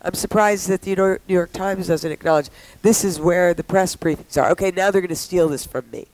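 A woman's voice: fairly low pitch, fairly quick, darkish tone, a little hiss or hum, rough recording. A woman hosting a talk show, talking in a playful, bawdy, teasing way with callers. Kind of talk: casual radio show chat.

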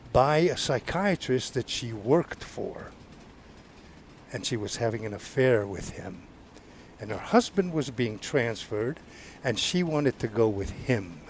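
A man's voice: medium pitch, slight background noise. Older Southern US man telling stories. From Georgia, US. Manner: rambling, stammering restarts, sound effects. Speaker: podcast guest. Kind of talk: casual storytelling.

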